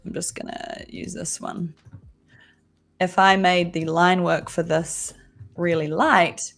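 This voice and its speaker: A woman's voice: on the low side, flat delivery, slow, creaky. A young woman designer chatting casually while she draws on a livestream, thinking aloud as she goes. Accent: Australian-sounding but not Australian. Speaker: designer guest.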